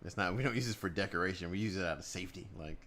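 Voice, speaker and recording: A man's voice: low-pitched, racing, fairly bright tone, a little hiss or hum. An American man hosting a stream, chatting casually, joking and laughing often. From United States. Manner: laughing, joking, acts out silly voices. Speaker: streamer host.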